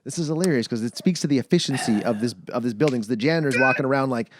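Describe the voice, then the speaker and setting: A man's voice: mid-range voice, slight background noise. A man co-hosting a casual movie podcast, joking and laughing as he recaps scenes. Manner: jokey, laughs often, does quick voices for characters. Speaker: podcast co-host. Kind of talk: casual movie review chat.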